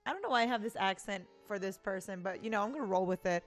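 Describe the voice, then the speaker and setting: A woman's voice: medium pitch, fast talker, few pauses, faint music behind. A woman streamer giving casual commentary over a game, blunt and swearing freely. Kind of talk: casual let's-play commentary.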